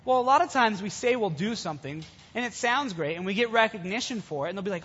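Casual man preaching to youth, high husky voice; dull sound, long hall echo. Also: quick pace. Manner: casual, animated storytelling to young listeners. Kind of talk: sermon retelling a Bible story.

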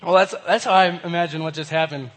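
A young man with a hoarse voice from a cold, casually teaching a Bible lesson to a group and often asking them questions. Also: fairly high pitch, steady tone, fast talker, fairly bright tone. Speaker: youth pastor.

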